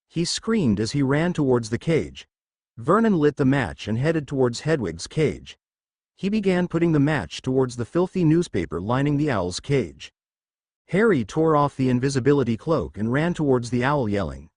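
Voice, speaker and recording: A man narrating a fan-fiction story with a dramatic, expressive delivery. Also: mid-range voice, moderate pace, no room sound, studio quality.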